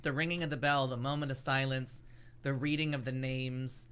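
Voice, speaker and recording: A woman co-hosting a casual talk show, telling a story in a rambling, halting way with many restarts. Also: very deep voice, level tone, fairly bright tone, smooth. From United States. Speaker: podcast host. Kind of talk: casual chat.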